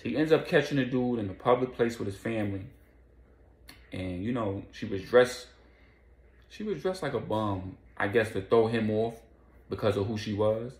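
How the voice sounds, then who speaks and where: A man casually recapping a crime storyline in loose street slang, now and then voicing quoted lines in quick bursts. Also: lowish voice, roomy sound.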